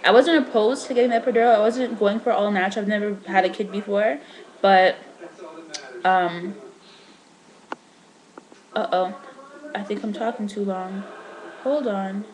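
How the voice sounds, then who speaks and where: A young woman talks straight to her camera in a casual, chatty vlog. Her voice sits at an ordinary middle pitch, and she tells her story in an animated way, scattering "like" and "um" through it. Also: moderate pace, pauses often, rough recording. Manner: chatty, animated, frequent "like" fillers. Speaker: vlogger.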